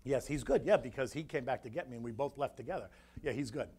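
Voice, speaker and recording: A man from the United States, a floor broker speaking as guest, telling a story in a rambling, animated way that repeats his words. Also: mid-range voice, fast, breathy edge. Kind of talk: casual emotional storytelling talk.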